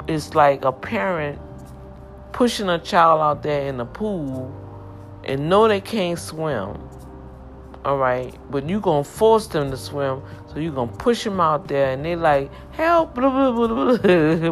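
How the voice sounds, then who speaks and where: A woman sharing an emotional personal testimony, with impassioned, emphatic, repetitive storytelling. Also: deep voice.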